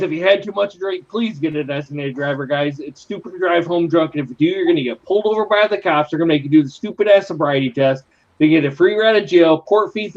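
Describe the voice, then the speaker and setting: A man's voice: fairly high pitch, a little mellow. Buzzed, tired man with lo-fi sound. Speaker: guest on a live stream. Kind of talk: casual chat.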